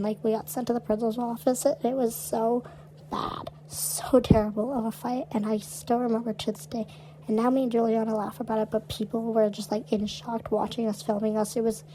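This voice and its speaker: A woman's voice: a little high, mellow, slight background noise, poor audio. A young adult woman co-hosting a podcast, telling stories in casual chat and filling her speech with "like". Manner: chatty, peppers speech with "like". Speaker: podcast co-host.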